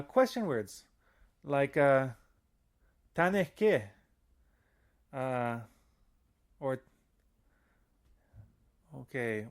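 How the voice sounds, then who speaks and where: Chatty man teaching a language lesson. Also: mid-range voice. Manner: loose and chatty, many fillers and restarts, slows to spell out example phrases. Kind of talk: casual audio lesson.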